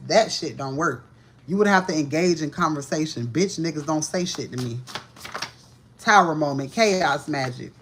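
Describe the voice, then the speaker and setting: A woman's voice: on the low side, a bit bright, a little hiss or hum. A woman doing a live-streamed tarot reading from home, ranting in a profane, agitated way. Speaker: tarot reader.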